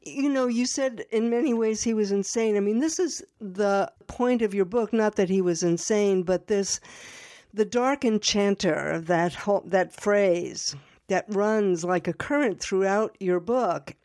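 A woman hosting a radio books programme, asking questions in a measured, inquisitive way. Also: medium pitch, darkish tone. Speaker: radio host. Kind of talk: radio interview.

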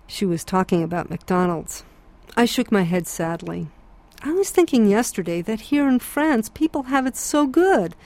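A woman giving measured, reflective audiobook narration. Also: medium pitch, big pitch swings, a little mellow, dry recording.

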